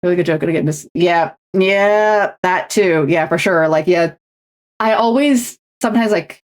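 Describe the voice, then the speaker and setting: A young adult woman who streams and co-hosts chats casually in a lowish voice at normal speed. Her talk comes in loose runs packed with fillers and restarts.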